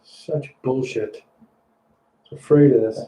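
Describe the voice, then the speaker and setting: A man's voice: mid-range voice, steady tone, slow, mellow, slight background noise. A man with a Kentucky accent chatting casually on a live stream, cooing baby talk to his dog and swearing at the TV. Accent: Kentucky Southern. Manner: swears at the game on TV. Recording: echoey far-off phone-like audio.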